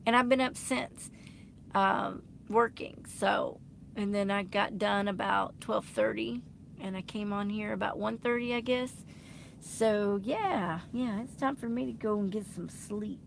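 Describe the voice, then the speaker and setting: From the cab of her truck on a late-night stream, a woman speaks unhurriedly in a medium pitch with vocal fry. She's chatty and laughs often while reading and replying to viewer comments, with a slight hiss or hum audible.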